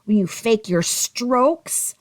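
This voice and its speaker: A woman's voice: a little high, animated, takes it slowly. Angry, sarcastic woman ranting. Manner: heated, sarcastic, scolding with rhetorical questions. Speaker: commentary YouTuber. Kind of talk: angry drama commentary rant.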